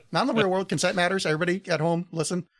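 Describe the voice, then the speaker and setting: A man's voice: sits high, steady tone, fast talker, dry recording, studio quality. A middle-aged man co-hosting a podcast, telling rambling stories in casual chat, laughing often and swearing freely. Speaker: podcast co-host.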